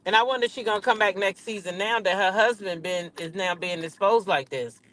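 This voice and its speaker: A woman speaking rants from her car about reality TV. She is blunt and foul-mouthed, talking straight to her viewers. Her delivery is loud and animated, with her pitch jumping up on the points she makes most strongly. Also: fairly quick. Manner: blunt, profane, animated, talks back to chat. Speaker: reality TV commentator. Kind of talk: casual rant to viewers. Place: in a car at a drive-through.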